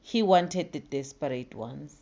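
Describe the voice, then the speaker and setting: A South African woman giving casual commentary in a dramatic way, dropping to hushed tones and then getting emphatic. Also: low voice, unhurried, dull audio.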